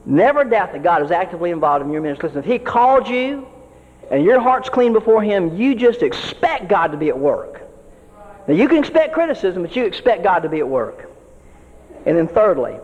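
A man's voice: fairly high pitch, darkish tone. A man preaching as a pastor, earnest and folksy, often repeating words as he builds each point. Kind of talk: sermon to fellow ministers. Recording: dull audio with long hall reverb.

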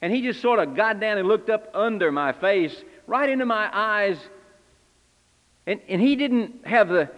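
A man's voice: high-pitched, lively intonation, measured pace, fairly bright tone, big-room sound. A man preaching in character as Simon Peter, an impulsive, repentant fisherman, telling his story in first person with earnest, confessional feeling. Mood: ashamed. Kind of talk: first-person dramatic sermon monologue.

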